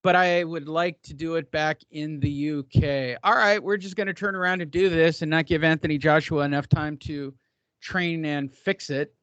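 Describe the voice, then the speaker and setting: A man's voice: a little high, fairly even intonation, normal speed, fairly bright tone, smooth, dry recording, lo-fi sound. A man hosting a casual boxing podcast, sarcastic and profane, stretching words for emphasis.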